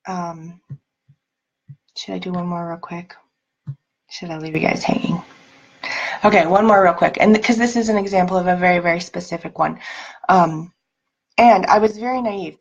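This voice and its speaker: A woman's voice: on the low side, creaky, low-quality recording. A woman life coach telling personal stories in a casual teaching talk, chatty and full of "like" and "um", laughing lightly now and then.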